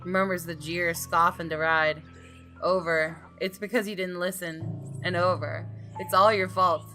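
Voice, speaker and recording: A woman's voice: lowish voice, fairly even intonation, unhurried, sharp tone, soft background music, rough recording. A woman reading a tense young man's inner monologue. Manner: reads first-person narration aloud in her own voice. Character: tense young man narrating his own ordeal. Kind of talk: reading a visual novel aloud.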